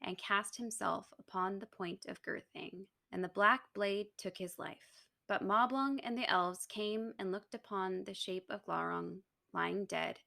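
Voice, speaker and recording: A woman's voice: mid-range voice, unhurried, vocal fry, hardly any pauses, pushed and bright. A woman co-hosting a podcast, casually retelling a story, reading passages aloud and laughing often. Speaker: podcast co-host.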